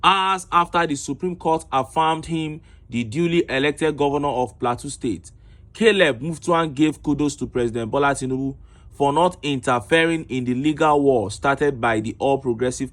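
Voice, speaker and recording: A man's voice: mid-range voice, fairly bright tone. A man with a Nigerian accent reading news reports and online reactions aloud, breaking in with indignant rhetorical commentary. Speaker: political commentator.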